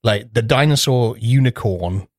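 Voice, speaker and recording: A man's voice: medium pitch, unhurried, a little mellow, no room sound. Male podcast co-host, sweary storyteller, dry close mic. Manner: swears freely, acts out kids' voices in rambling anecdotes. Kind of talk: casual chat.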